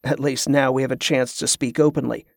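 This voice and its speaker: A man voicing a shrewd captive spy who speaks in a measured, wry way. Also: medium pitch, flat delivery, vocal fry, dry recording, clean studio sound. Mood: resolute.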